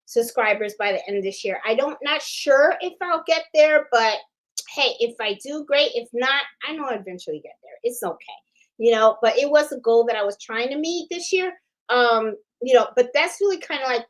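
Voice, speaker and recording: A woman's voice: on the high side, rough recording. A middle-aged woman hosting a crafts channel, chatting casually and animatedly, laughing often. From Puerto Rican family background. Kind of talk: casual live-stream chat.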